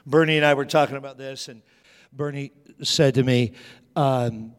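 Speaking smoothly and steadily at ordinary speed, this middle-aged man preaches as a pastor in a mid-range voice. His storytelling keeps circling back with frequent restarts, and a long reverb from the hall trails his words.

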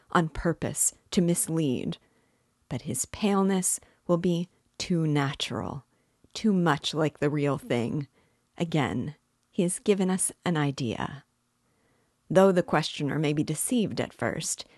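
A talkative, ironical middle-aged magistrate, put on by a woman reading an audiobook, fussing and needling in turn. The voice sits low and the recording is close and dry. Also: darkish tone, no echo. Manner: chatty, mock-solicitous, needling.

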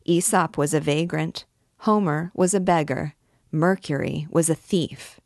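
An earnest male poet who argues and pleads for his life, voiced by a woman reading aloud. Her voice is low, and the recording is dry and close. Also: measured pace, dry recording. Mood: firm.

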